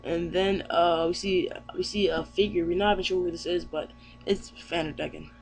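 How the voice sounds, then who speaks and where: A man's voice: high voice, steady tone, moderate pace, gravelly, a little hiss or hum. A man giving a casual manga chapter recap, rambling with many fillers and self-corrections. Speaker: manga reviewer.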